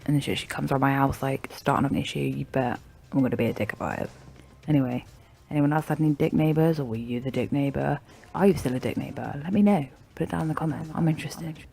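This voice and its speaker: Brash sweary woman, gravelly. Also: low-pitched, mellow. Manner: brash, sweary and mocking, with frequent laughs. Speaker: story narrator. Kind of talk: casual storytelling to viewers.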